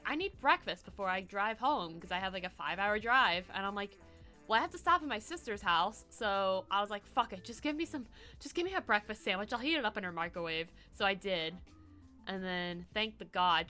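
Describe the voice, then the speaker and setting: A woman's voice: mid-range voice, bright, forceful tone. A young woman from the US East Coast, a streamer chatting casually, rambling with lots of "like" and swearing. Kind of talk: casual chat.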